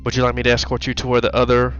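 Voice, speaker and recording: Stiff female hobgoblin guard played by a bright-voiced man, slightly muffled audio. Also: medium pitch, monotone, very fast, faint music behind, lightly acted. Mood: polite.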